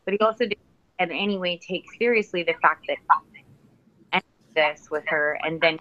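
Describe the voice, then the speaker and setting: Woman, guest author, low voice, bright tone, thoughtful, halting restarts, casual interview, dull lo-fi audio. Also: dry recording. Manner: thoughtful, searching for words with restarts. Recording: dull lo-fi sound.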